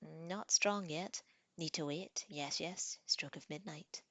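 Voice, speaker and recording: A woman's voice: low-pitched, slow, bright, forceful tone, dry recording, full character voice. A woman doing a giggling little troll. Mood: gleeful. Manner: giggly, sing-song, repeats words. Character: small giggling male troll, sly and greedy. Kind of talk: audiobook reading.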